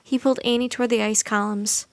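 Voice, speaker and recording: A woman reading a children's chapter book aloud as a storyteller, steady and expressive. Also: on the high side, fast talker, no echo.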